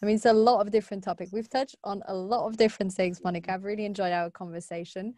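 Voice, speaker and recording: A woman's voice: mid-range voice, fairly even intonation, fast, a little mellow. A woman hosting a podcast interview, heard in a dry, close sound with no room echo. She is affirming and laughs easily as she chats with her guest. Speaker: podcast host. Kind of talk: casual interview chat.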